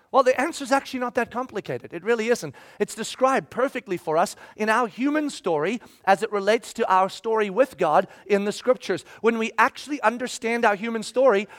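A man in his forties preaching a sermon, telling a personal story in an animated way, with bursts of shouting when he acts out scenes. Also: sits high. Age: 40s. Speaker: pastor.

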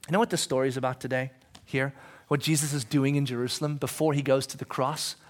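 A male pastor at medium pitch preaches at a quick pace with fairly even intonation. His church sermon is conversational, full of questions to the congregation, and shifts between quiet moments and shouting.

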